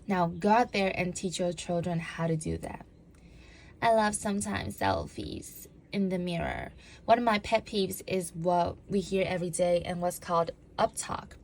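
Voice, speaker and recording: A former police officer turned body language speaker addresses an audience, acting out examples and running them through drills. She speaks expressively at a moderate pace, with a fairly low pitch and a darkish tone.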